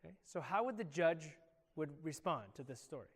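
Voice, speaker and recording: Male pastor, high voice, animated kids' lesson, echoey church hall. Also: a little fast. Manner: animated, quizzes children by name. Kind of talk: children's Bible lesson.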